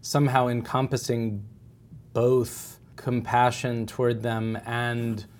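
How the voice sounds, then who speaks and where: Co-host with a mid-pitched voice, thoughtful, picks words hesitantly. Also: little pitch movement, slow pace. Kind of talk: conversational interview.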